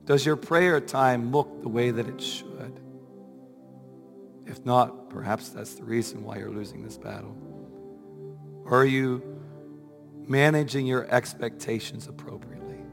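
Male pastor, strained weak voice, earnest sermon delivery with rising emphasis, reverberant church hall, soft music bed. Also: mid-range voice, a little slow, gravelly, pauses often. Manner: earnest, rhetorical questions, rising to emphatic peaks. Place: church sanctuary.

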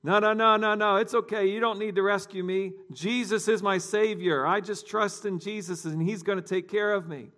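Man playing a stubborn castaway adrift at sea, insistent, high-pitched and loud, in a sermon story. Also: expressive, normal speed. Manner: insistent, refusing help.

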